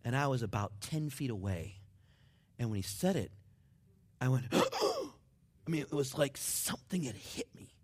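A man preaching a sermon, dropping to near whispers and building up to excited shouts. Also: medium pitch, normal speed. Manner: dramatic swings from hushed to shouting. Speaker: pastor.

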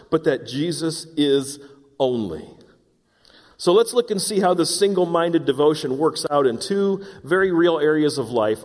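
Dramatic preacher in a reverberant hall. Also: male voice, on the high side. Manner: earnest, dramatic, acts out voices of scripture and sighs. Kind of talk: sermon.

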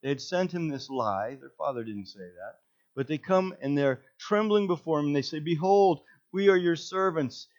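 A man preaching a sermon, telling the story with animated delivery and acted-out quotes. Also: medium pitch, moderate pace, muffled recording. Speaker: pastor.

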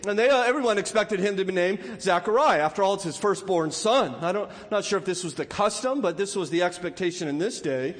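A man's voice: sits high, fairly quick, hardly any pauses, long reverb tail. A man preaching a sermon in a conversational way, often repeating words and playfully acting out the voices of people in the story. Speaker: pastor.

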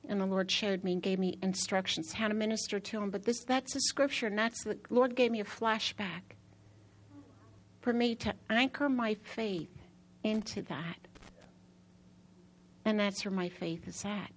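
Taking her time, this woman preacher recounts her own testimony within a sermon. Her storytelling is spirited, with repeated phrases for emphasis and a voice that rises high as excitement builds.

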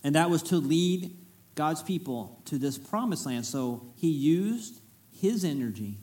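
Pastor guy preaching, high-ish voice, chatty and folksy, cracks little jokes. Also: measured pace. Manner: lively, folksy, storytelling with humorous asides. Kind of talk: conversational sermon.

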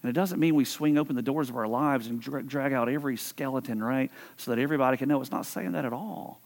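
A pastor preaching a sermon in an earnest, conversational way, often stumbling and repeating words. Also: male voice, medium pitch, fast talker. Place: church.

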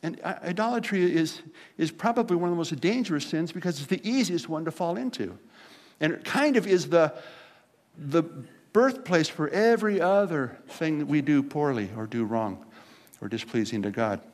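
A pastor with a fairly high voice preaches a conversational sermon at normal speed, telling animated stories and acting out the people in them with voiced quotes.

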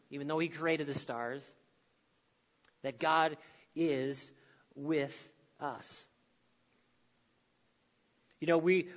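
A man preaching a sermon with emphatic phrasing, dramatic pauses and sudden drops to a soft voice. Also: a little high, big-room sound. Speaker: pastor.

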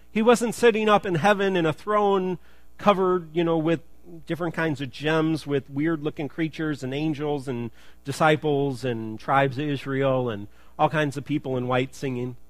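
Man pastor mid-sermon, fairly high voice, dry close sound, casual asides and emphatic refrains. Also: measured pace, no room sound. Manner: conversational and joking, then emphatic. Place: church.

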